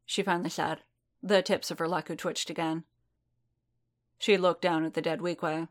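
A woman reading fan fiction aloud in a steady storytelling manner. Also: on the low side, normal speed. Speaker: narrator.

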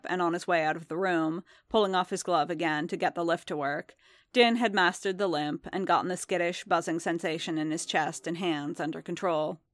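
A woman narrating fan fiction aloud in a measured, steady storytelling manner. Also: on the low side, dry recording, studio quality.

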